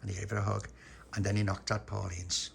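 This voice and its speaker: A man telling a homemade bedtime story in a playful way, sometimes slipping into squeaky character voices. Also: flat delivery, fast, vocal fry, a little hiss or hum.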